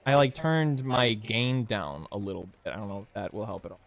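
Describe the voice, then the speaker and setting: A man's voice: on the low side, lively intonation, fairly quick, vocal fry. A male streamer chatting casually while he plays a game, rambling, trailing off and swearing now and then. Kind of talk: casual gaming stream chat.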